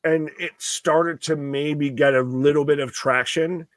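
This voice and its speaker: A man's voice: on the high side, fairly even intonation, a little slow, dry recording, clean studio sound. Exasperated man swearing through live wrestling commentary. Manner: exasperated, swears heavily, trails off mid-sentence. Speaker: co-host of a live wrestling watch-along. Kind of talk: profane live commentary chat.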